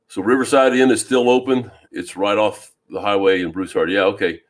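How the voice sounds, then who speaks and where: A man from Louisiana hosting a fishing live stream, chatting casually and greeting viewers by name with a deep voice and plenty of ums. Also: steady tone, normal speed, hardly any pauses. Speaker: fishing channel host. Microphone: new microphone.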